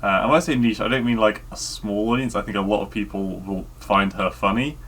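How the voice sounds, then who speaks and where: Bright-toned man, easygoing chat. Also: fairly low pitch, fairly even intonation, a little fast, breathy edge. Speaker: podcast co-host. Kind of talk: casual podcast chat.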